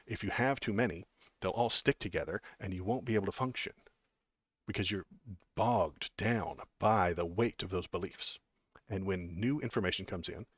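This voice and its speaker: A low-pitched man in his forties from Texas, hosting a political livestream and answering chat in a rambling, blunt way full of ums and restarts. His voice comes through dry and a little dull, with a lo-fi edge. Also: a bit bright, no room sound.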